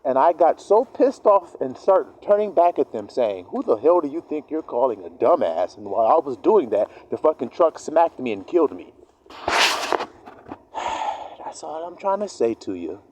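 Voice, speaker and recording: Man, slightly high voice with wild swings in pitch, preaching a profane street sermon that acts out both sides of each argument. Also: very animated, normal speed, warm tone, highs cut off, slight background noise. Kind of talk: street-style sermon monologue.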